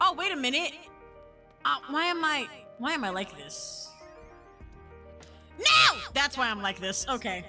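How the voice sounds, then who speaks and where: Excitable high-voiced woman streamer. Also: moderate pace, pauses often, faint music behind. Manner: excitable, loud outbursts, swearing and giggling. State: says she is high. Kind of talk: casual gameplay streaming.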